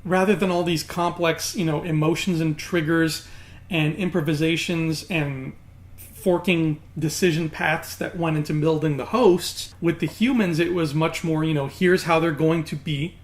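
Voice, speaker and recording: A young man giving a casual, animated recap and analysis of a TV episode, chatty and full of fillers. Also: fairly high pitch. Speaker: TV show reviewer.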